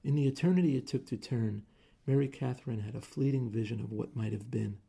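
Man, audiobook narration, measured, gravelly, husky. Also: mid-range voice, warm tone. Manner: measured storytelling.

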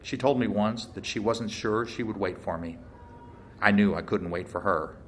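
A man's voice: fairly low pitch, moderate pace, a little hiss or hum. A man narrating a first-person mystery story in a dry, wry way.

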